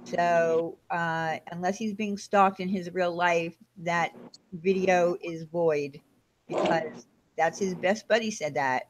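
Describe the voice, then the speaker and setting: A woman's voice: lowish voice, fairly even intonation, slow pace. Woman hosting a livestream, rambling, lots of uhs, bit of background noise and clicks. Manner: explains herself, rambling, hesitant fillers. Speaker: live-stream host. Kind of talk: casual chat.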